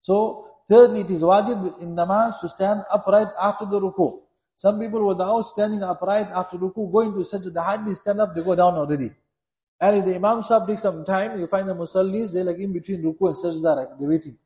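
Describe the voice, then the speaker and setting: Earnest preacher with an echoing voice. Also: male voice, high-pitched, fairly even intonation, fairly quick, warm tone. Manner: earnest, repetitive, exhorting. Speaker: Islamic preacher. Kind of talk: sermon. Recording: echoey room.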